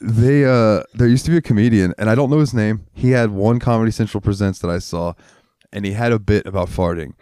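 A man's voice: lowish voice, brisk, mellow, dry recording, clean studio sound. Amused, chuckling male podcast co-host. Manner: laughs often, amused storyteller. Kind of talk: casual chat.

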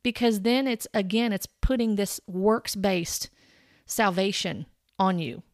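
At a measured pace and medium pitch, a woman speaks directly to viewers in earnest Bible commentary, correcting points and citing chapter and verse. The Christian commentator is recorded in a clean, dry studio.

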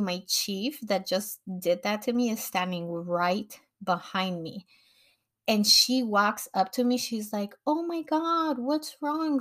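A young woman recounting a personal story in casual, animated podcast talk. She acts out the voices of the people she quotes, with bursts of laughter. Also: medium pitch. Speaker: podcast host.

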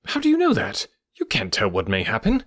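A man's voice: fairly high pitch, sing-song, moderate pace, slightly rough, no echo, pitched above the performer's own voice. A man reading the part of an earnest, loyal male doctor in an audiobook, raising his voice in an anxious, protesting way. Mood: insistent.

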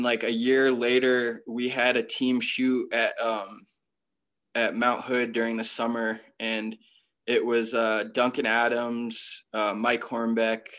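A young professional freeskier from Connecticut, USA, tells stories about his career as a guest in a casual interview. He talks in laid-back slang, constantly filling gaps with "like." His voice is medium in pitch and a bit bright.

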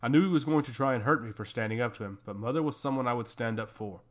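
A man narrating a first-person fantasy story in a steady, measured reading. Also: medium pitch.

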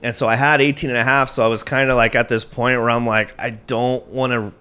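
A man guest on a podcast, telling a tournament fishing story in an animated, excitable way, with lots of "like" and casual swearing. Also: medium pitch, brisk, smooth.

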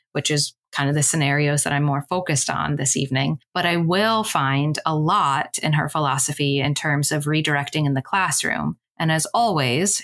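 Low-voiced chatty woman podcast host. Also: a bit bright. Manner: chatty and candid, with casual asides. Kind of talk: solo podcast talk.

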